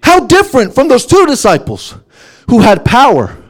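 A man preaching a sermon, emphatic, dropping to hushed asides and then rising to loud exclamations. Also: very high voice, huge pitch swings, moderate pace.

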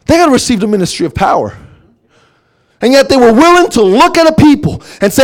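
A man preaching a sermon, emphatic, dropping to hushed asides and then rising to loud exclamations. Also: extremely high pitch, big pitch swings, a little fast.

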